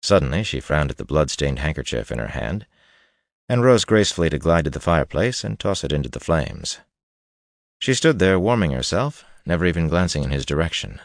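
A man reads an audiobook in a steady, even manner. His voice is very deep, and the recording is dry and close. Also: brisk, gravelly, no room sound. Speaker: narrator. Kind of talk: audiobook narration.

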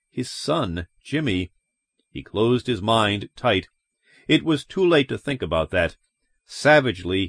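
A man reading a suspenseful story aloud as audiobook narrator, in a grave, even storytelling manner. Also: medium pitch, no echo, clean studio sound. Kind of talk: scripted narration.

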